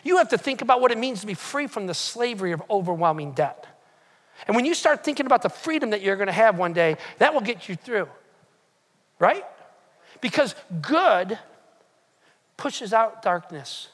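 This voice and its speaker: A man's voice: high-pitched, sing-song, normal speed, pauses often, a bit bright. A man preaching a sermon as pastor, emphatic and repetitive, pushing his points again and again with rising and falling force. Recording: long hall reverb.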